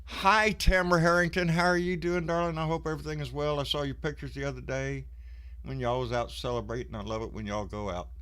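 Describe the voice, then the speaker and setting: A man's voice: fairly high pitch, steady tone, fairly quick, a bit bright, clear, resonant tone. A man, out of breath, hosting a casual live stream and greeting viewers in a folksy, swearing way. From Texas.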